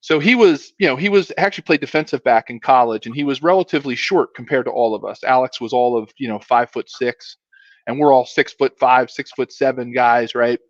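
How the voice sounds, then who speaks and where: A man's voice: medium pitch, brisk, no echo, lo-fi sound. A man in his fifties, a former pro football player, telling a long story as a guest in a casual, rambling way with many asides.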